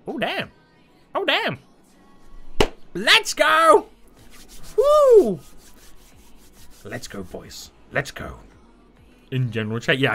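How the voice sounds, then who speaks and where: A man giving playful, excitable live gameplay commentary and chatting with his viewers. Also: fairly high pitch. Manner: excitable and playful, hums and exclaims. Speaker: gaming streamer.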